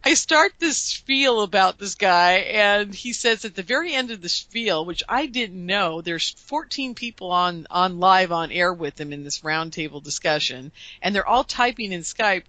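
Animated woman telling a story. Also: normal speed, dry recording. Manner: lively, acts out quoted dialogue with raised pitch. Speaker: guest, UFO conference producer.

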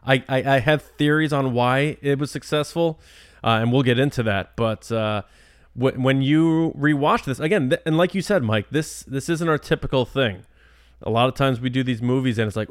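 A man's voice: mid-range voice, normal speed, dry recording, clean studio sound. A man in his thirties co-hosting a movie podcast, chatty, jokey and enthusiastic. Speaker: podcast co-host. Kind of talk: casual podcast chat.

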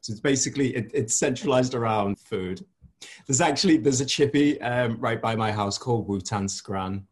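A man's voice: medium pitch, normal speed. A man with a Scouse accent, chatting casually as a podcast host, laughing often and swearing freely. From Liverpool. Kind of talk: casual chat.

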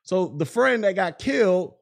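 High-pitched and lively in intonation, with some vocal fry, this man hosts a podcast at a measured pace. His casual talk is blunt and mocking, and he laughs at his own jokes.

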